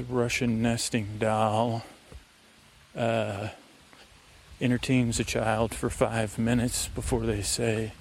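A man's voice: mid-range voice, gravelly, a little mellow, a little hiss or hum. A tired man hosting a podcast, musing in a meandering way while he walks outdoors in the woods. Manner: meandering, musing, full of fillers. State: tired and dehydrated. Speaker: podcast host. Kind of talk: rambling sleep-podcast monologue. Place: outdoors on a woodland walk.

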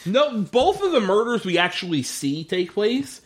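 A man's voice: high voice, very animated, normal speed, breathy edge. Male podcast co-host, casual and profane, laughs through his recap. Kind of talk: casual chat recapping a TV episode.

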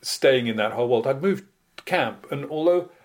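A man's voice: mid-range voice, animated, moderate pace. A man from Britain, a guest musician in a casual interview, telling anecdotes in a wry, self-deprecating way.

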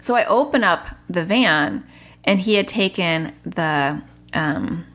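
A woman's voice: fairly low pitch, slow pace. A woman in her thirties casually telling a parenting story to her audience, acting out her children's lines and laughing often. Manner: animated, acts out her kids' voices, laughs often. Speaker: parenting vlogger.

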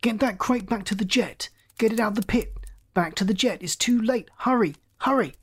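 A man's voice: high voice, fairly quick, lightly acted. A reader voicing a driven male space captain who barks urgent orders in a storybook reading. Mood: frantic.

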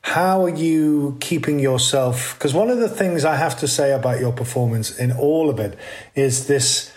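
A man's voice: fairly high pitch, moderate pace. A man interviewing an actor, asking long, thoughtful questions.

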